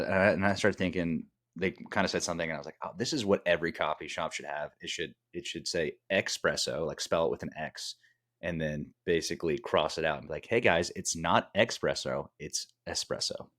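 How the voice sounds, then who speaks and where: A man with a very low voice chats loosely on a podcast, drifting between thoughts and restarting sentences. He sounds tired as he talks. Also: steady tone, fairly quick, a bit bright. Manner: rambling, restarts often. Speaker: podcast co-host. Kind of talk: casual podcast chat.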